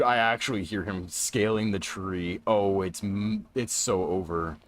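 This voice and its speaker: A man streaming a game and chatting casually, getting panicky and excitable and repeating himself in bursts. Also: sits low, unhurried, few pauses, a little hiss or hum. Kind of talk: casual gaming livestream chat.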